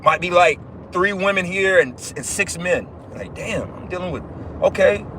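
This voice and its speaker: A man's voice: high voice, expressive, normal speed, a bit bright, slight background noise, rough recording. A man giving an informal livestream sermon, emphatic and repetitive, swearing casually as he preaches.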